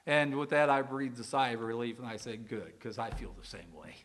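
A male pastor preaches a conversational sermon in a medium-pitched, fairly quick and fairly bright voice. He explains a verse, asks the congregation questions and uses some fillers.

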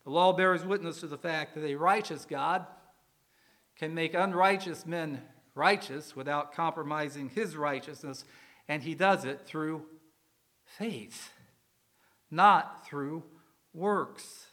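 A man's voice: fairly high pitch, moderate pace, fairly bright tone. A male pastor preaching a conversational sermon, asking the congregation questions and explaining a verse. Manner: conversational, asks the congregation questions, uses some fillers.

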